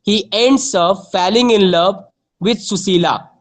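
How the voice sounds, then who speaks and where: Her voice mid-range, a female teacher slowly and deliberately reads out literature notes for her class to write down. She says each phrase twice and spells out important words one letter at a time.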